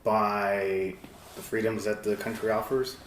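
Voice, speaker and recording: Thoughtful man, halting, in an echoey room. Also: fairly low pitch, flat delivery. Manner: thoughtful, halting, many restarts. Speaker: podcast guest. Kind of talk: casual podcast discussion. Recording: roomy echo with faint noise.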